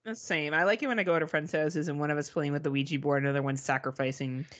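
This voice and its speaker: A woman's voice: sits low, steady tone, fast talker. A woman co-hosting a podcast, telling a story in casual chat, swearing freely and mimicking beeping gadgets. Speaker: podcast co-host.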